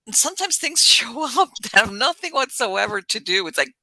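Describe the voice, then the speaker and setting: Podcast host lady, super bright voice, chatty animated storytelling, dry sound. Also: on the high side, brisk, creaky, no echo. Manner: animated, laughing as she tells it. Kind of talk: casual storytelling.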